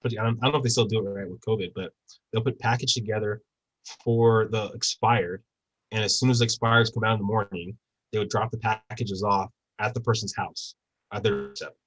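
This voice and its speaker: A man's voice: fairly low pitch, fairly even intonation, brisk, fairly bright tone, low-quality recording. Man coaching over a video call. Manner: casual, peppers talk with tag questions. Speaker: real estate trainer. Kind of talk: conversational training talk on a video call.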